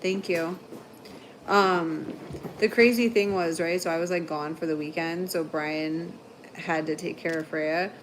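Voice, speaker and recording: A woman hosting a casual livestream, telling long rambling stories full of "like" and quick laughs. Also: lowish voice, steady tone, slight background noise. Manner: chatty storyteller, heavy "like" filler, frequent laughter. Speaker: livestream host.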